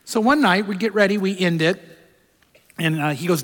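High-voiced pastor in a reverberant hall. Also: male voice, brisk. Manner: conversational, animated storytelling, drops soft for emotional moments. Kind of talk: sermon with personal storytelling.

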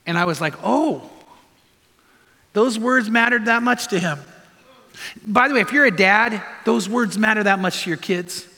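A man preaching to a congregation, his voice high and bright. He tells stories and drives home his point with repeated earnest commands, and a long reverb trails every phrase through the hall. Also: moderate pace, long pauses. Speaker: pastor. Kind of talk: sermon.

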